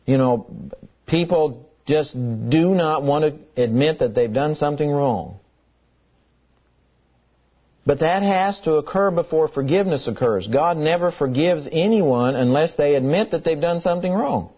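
A male pastor preaches in a Sunday-evening style, his voice slightly high, breathy and lively in intonation at a measured pace. He hammers single words and repeats them for emphasis, and the recording is dull and lo-fi.

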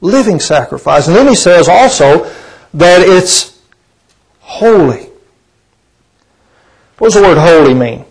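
A man's voice: high-pitched, lively intonation, slow pace, creaky, long pauses, breathy edge, poor audio. A man preaching a sermon in a conversational, folksy way, often asking his listeners rhetorical questions. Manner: asks the congregation rhetorical questions.

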